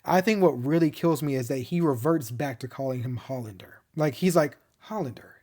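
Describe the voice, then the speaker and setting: This male reviewer speaks in a mid-range voice that's a little mellow and fairly quick. Recapping a TV show with affection, he rambles casually, full of "like" and frequent restarts.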